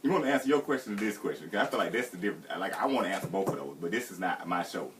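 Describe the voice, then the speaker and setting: A man's voice: low voice, lively intonation, rapid-fire, a bit bright, distant mic, slight background noise. A man, guesting on a radio talk show and chatting playfully, teasing and laughing often. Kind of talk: joking casual chat. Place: radio studio.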